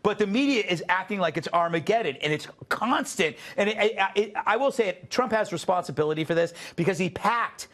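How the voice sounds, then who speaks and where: Man, talk show host, high voice, very animated pitch, joking banter. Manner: quick, joking, laughs at own asides.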